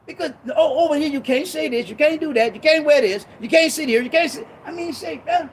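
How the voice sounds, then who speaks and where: Man on a ministry show, very high and swooping voice, repeats points emphatically, casual slang, faint noise behind. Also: brisk, few pauses. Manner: emphatic, repetitive, rising to shouts; conversational street slang. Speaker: ministry talk show speaker. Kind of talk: impassioned preachy talk.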